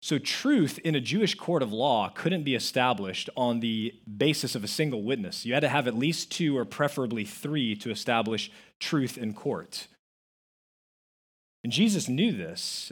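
A man's voice: medium pitch, expressive, moderate pace, husky. A man preaching a sermon as pastor, telling stories with acted-out quotes and stressing key words. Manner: storytelling with acted-out quotes, emphatic.

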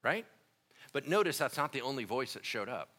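Male pastor, sermon, conversational slangy delivery, bright ringing tone, quiet-to-loud emphasis. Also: medium pitch, moderate pace. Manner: animated, conversational, slangy preaching; swings between quiet and loud emphatic stretches.

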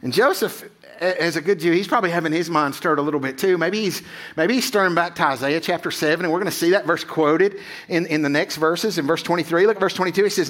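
A man's voice: on the high side, fast, fairly bright tone. Casual middle-aged male pastor preaching. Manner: casual, conversational, many 'right?' asides. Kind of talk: sermon.

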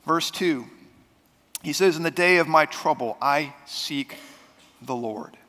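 A man preaching a sermon as pastor, talking in a conversational way that swings between loud and soft. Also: on the high side, slow pace, long reverb tail. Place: church sanctuary.

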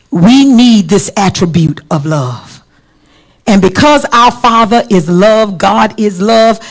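A guest preacher delivering a fervent sermon in a mid-range voice. The delivery lurches from ringing, raised lines down to quiet, low ones, with amens and praise Gods scattered throughout. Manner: passionate, swings between loud calls and hushed lines; fillers like amen and praise God. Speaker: guest pastor.

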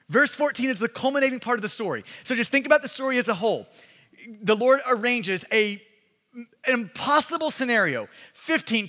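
A man with a very high-pitched voice preaches a sermon, his emphatic, repetitive delivery building up to shouts. He's recorded in a large hall with a long reverb tail.

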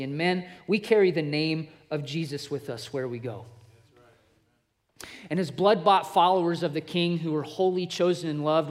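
A man in his thirties preaching to men, telling a family story in an earnest, conversational way that builds into forceful preaching. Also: fairly high pitch. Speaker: pastor. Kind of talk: sermon to men, personal storytelling.

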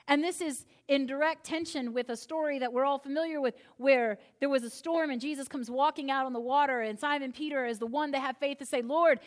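A high-pitched woman preaches a sermon as the pastor. She tells the story playfully and acts out the voices with humor.

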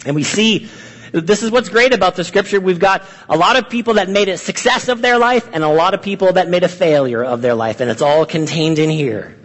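A man's voice: sits high, brisk, long reverb tail, poor audio. A man preaching a sermon as pastor, earnest and repetitive, posing many rhetorical questions.

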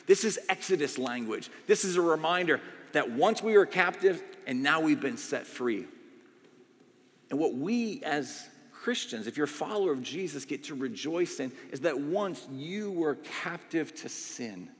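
A man, a pastor in his thirties, preaching a conversational, energetic sermon to a congregation in a church and checking in with "all right?" as he goes. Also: on the high side, normal speed, big-room sound. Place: church sanctuary.

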